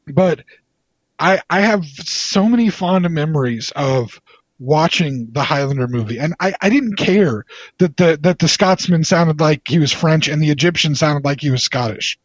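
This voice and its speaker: Chatting casually about movies, a man with a slightly high voice is enthusiastic and rambling, throwing in playful teasing. There's no echo, but the lo-fi sound is slightly dull.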